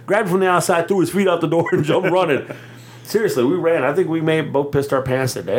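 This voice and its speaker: A man from Texas, co-hosting a podcast and telling a story in a loose, animated way, laughing often and cursing freely. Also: mid-range voice, slight background noise. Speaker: podcast co-host. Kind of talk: casual storytelling chat.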